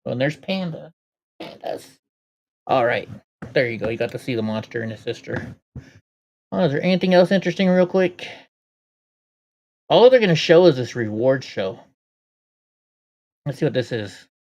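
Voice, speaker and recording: A man's voice: mid-range voice, expressive, normal speed, pauses often, darkish tone, muffled recording. Male streamer, casual rambling chat, talks to his dog. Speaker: livestream host.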